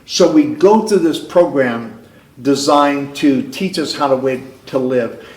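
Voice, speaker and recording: A man sharing his personal recovery story at a meeting, earnest and halting, often restarting his sentences. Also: fairly high pitch, darkish tone. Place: recovery club meeting room. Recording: roomy club meeting hall.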